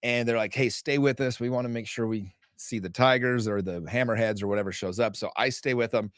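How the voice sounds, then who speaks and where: A man guesting on a podcast, speaking in a somewhat low voice. He tells stories in a casual, emphatic way, swears freely and acts out the dialogue. The sound is dry and close to the mic. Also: steady tone, brisk, fairly bright tone, dry recording. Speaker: podcast guest, author and men's group founder. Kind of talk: animated storytelling in conversation.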